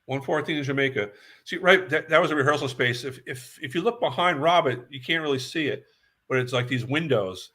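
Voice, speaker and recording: Older new york guy, bright punchy voice, rambling stories, keeps repeating himself. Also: on the high side, fairly quick. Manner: rambling, repeats words while recalling. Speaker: guest musician. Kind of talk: casual storytelling interview.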